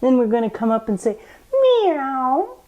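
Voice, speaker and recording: A woman guiding children through a bedtime yoga story, with gentle, coaxing and playful instructions. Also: medium pitch, takes it slowly, muffled recording. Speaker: kids yoga teacher.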